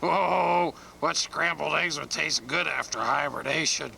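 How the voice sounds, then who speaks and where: A drowsy, muddled bear creaks and rumbles through each slow word, as a man acts him out. His gravelly voice stays bright and ringing despite the grit, and he keeps wondering aloud what on earth is going on. A faint hiss sits under the recording. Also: steady tone, full character voice. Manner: slow, wondering, muttering to himself. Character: bumbling, puzzled male bear just woken from hibernation.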